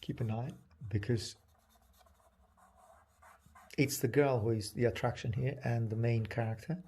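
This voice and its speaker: A man giving a live painting demonstration, soft-spoken, thinking aloud, and often dropping to a whisper as he works. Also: mid-range voice, steady tone, breathy edge. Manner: halting, thinking aloud with restarts. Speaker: painting teacher.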